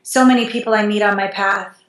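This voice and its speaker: A woman being interviewed as an intimacy coach. She talks animatedly, with big swings in pitch, and she laughs as she acts out conversations. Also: brisk. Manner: animated, wide pitch swings, laughs while acting out dialogue. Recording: echoey room.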